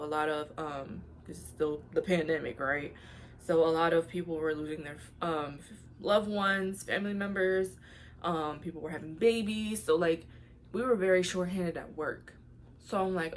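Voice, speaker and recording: A woman's voice: sits low, slight background noise. A young woman vlogger telling a personal story in a casual, emotional, slangy way, talking straight to her viewers.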